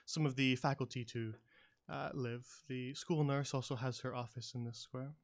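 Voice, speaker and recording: A man voicing a courteous college staff guide who explains campus rules with many pauses. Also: medium pitch, fairly even intonation, natural voice. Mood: explaining.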